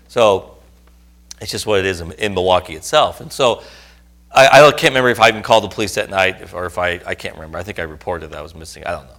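A man's voice: deep voice, fast talker, fairly bright tone. A middle-aged man preaching, telling a personal story earnestly and rising to emphatic outbursts. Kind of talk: sermon testimony.

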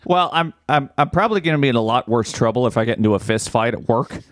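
A man rants his way through a story on a casual podcast, swearing freely and sometimes shouting in anger. His voice sits in an ordinary middle pitch, and the sound is dry and close to the mic. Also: lively intonation, quick pace, no echo. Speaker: podcast co-host. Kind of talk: casual chat.

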